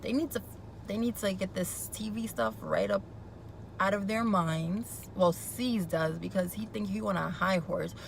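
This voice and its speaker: Woman, young adult, gossipy recap vlog, opinionated, gravelly fry, faint background hiss. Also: medium pitch, expressive, measured pace, rough recording. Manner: gossipy and opinionated, chatty asides. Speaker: YouTube recap vlogger. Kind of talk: casual TV recap commentary.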